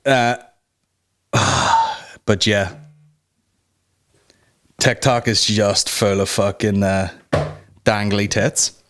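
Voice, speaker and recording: A man's voice: lowish voice, fairly even intonation, extremely slow, pauses often, fairly bright tone. A man hosting a comedy podcast, rambling through a casual rant and swearing constantly.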